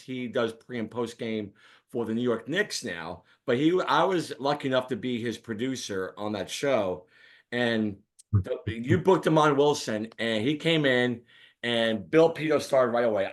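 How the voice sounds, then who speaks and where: A man's voice: mid-range voice, moderate pace. Chatty man recalling radio days. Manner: chatty, laughing storyteller. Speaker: radio producer and podcast host. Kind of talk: casual sports chat.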